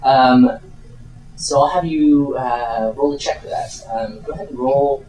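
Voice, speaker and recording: Relaxed man running a tabletop game. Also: medium pitch, measured pace. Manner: relaxed, hesitant with many fillers. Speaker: game master. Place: home room with air conditioning. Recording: echoey room, far from mic.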